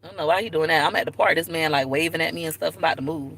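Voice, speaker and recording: A young woman from Tampa chatting casually to viewers on a live video from her car, lively and direct. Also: deep voice, very fast, creaky, rough recording. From Tampa, Florida. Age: young adult. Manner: chatty, animated, talks straight to viewers. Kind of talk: casual livestream chat. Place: in a car at a park. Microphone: phone camera.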